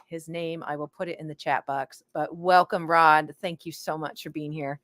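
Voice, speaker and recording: Upbeat lady hosting an online stream, gets loud and excited, dry close mic sound. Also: low voice, moderate pace, no room sound. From Boston area. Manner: bubbly, excitable, laughs often. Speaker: event host. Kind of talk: live-stream event hosting.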